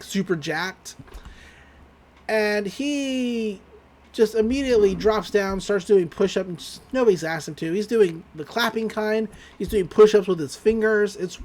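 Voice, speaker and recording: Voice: mid-range voice, a little mellow. A podcast host giving a rambling, chuckling recap of a cartoon episode.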